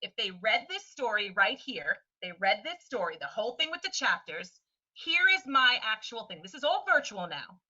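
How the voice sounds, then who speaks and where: A woman teacher presenting a webinar lesson in a lively way, often slipping into quick voices for students and friends. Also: a little high. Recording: distant, dull lo-fi sound.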